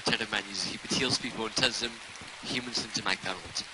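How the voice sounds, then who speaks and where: A man's voice: on the low side, fast talker, crowd noise, low-quality recording. Goofy teenage guy on voice chat. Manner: rambling, goofy. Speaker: gaming friend. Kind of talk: casual gaming chat.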